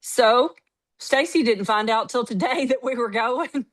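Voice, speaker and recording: Unhurried and on the high side, a woman's voice carries a casual motivational talk from a network marketing team leader. She tells stories emphatically and brings them to life by acting out what others said.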